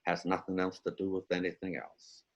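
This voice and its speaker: A hushed, deep impression of an older film actor, as a man puts him on. The voice sits far below his normal pitch and stays soft. Each phrase comes out unhurried and measured. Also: flat delivery, lo-fi sound. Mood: musing. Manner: slow, soft, measured drawl.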